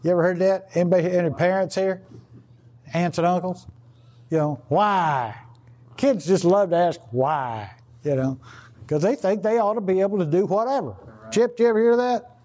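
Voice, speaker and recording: A man's voice: high-pitched, normal speed, darkish tone. An older man preaching a sermon in a rambling, conversational way, full of "you know" and restarts. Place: outdoor gathering.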